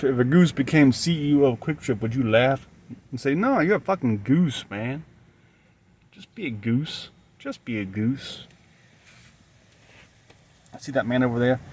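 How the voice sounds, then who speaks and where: A man's voice: mid-range voice, a little hiss or hum. A man vlogging outdoors by a gas station, talking in a rambling, musing way and repeating himself as he goes.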